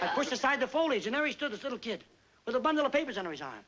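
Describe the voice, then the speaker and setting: A man's voice: very high-pitched, big pitch swings, very fast, sharp tone, dull audio, heavily acted. An actor playing a self-mocking male entertainer just home from army service, telling a wry story with comic timing in a 1950s film stand-up monologue. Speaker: stage entertainer.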